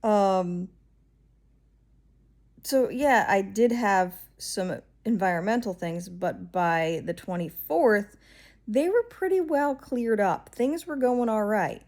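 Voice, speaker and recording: A woman vloggers telling a personal story in a loose, rambling way. Her voice sits at an ordinary middle pitch, and she sounds exasperated and wry, full of ums and restarts. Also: slow, a little mellow. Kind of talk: casual storytelling vlog.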